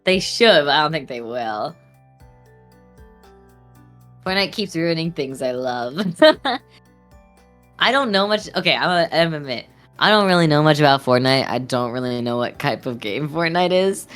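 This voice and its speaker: Low-voiced young woman rambling on stream. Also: expressive, normal speed, a bit bright, faint music behind. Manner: rambling, giggly, lots of fillers. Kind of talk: casual chat while drawing.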